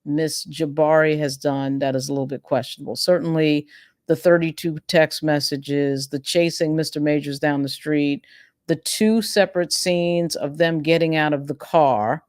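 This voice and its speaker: A woman's voice: sits low, steady tone, moderate pace, a little mellow, no room sound, clean studio sound. A woman hosting a legal news commentary show, making emphatic arguments and building her points through long lists.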